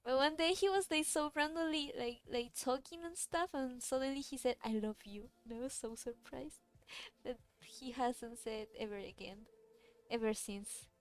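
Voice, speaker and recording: Streaming a drawing session as a VTuber, this woman talks in a high-pitched voice at a moderate pace. Her chatter wanders, full of fillers and false starts.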